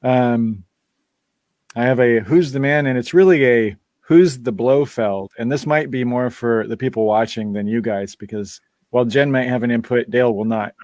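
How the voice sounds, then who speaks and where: A man's voice: medium pitch, normal speed, a little mellow, no echo. Chatty man hosting a live Q&A. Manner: chatty, laughs often, rambling asides. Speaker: band member hosting a live Q&A. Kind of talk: casual live-stream chat.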